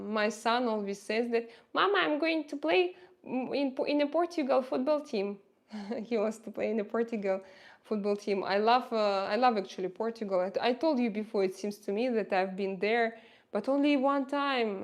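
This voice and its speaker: A livestream host with a Russian accent speaks in a slightly high, somewhat mellow voice. She hosts a casual stream, chatting, reading viewer comments aloud and answering them, often laughing.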